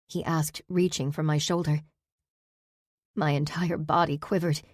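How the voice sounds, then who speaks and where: A woman's voice: low-pitched, steady tone, measured pace, pauses often, darkish tone, no room sound. A woman narrating a first-person fantasy audiobook with intimate, emotional storytelling on a close studio mic.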